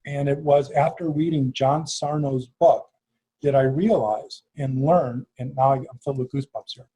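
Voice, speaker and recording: A middle-aged man with a Chicago accent hosting an interview, talking in an animated way with many restarts. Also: medium pitch, normal speed, slightly rough, low-quality recording. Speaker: host. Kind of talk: interview conversation.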